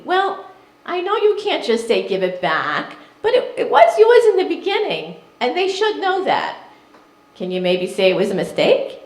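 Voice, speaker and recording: A worried elderly mother with a New York accent nags and bosses her grown child in a high, strained voice, as a woman puts her on. The fussing never stops. The sound carries the echo of a lounge. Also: exaggerated voice. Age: older. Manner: nagging, worried, bossy. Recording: echoey room, live crowd.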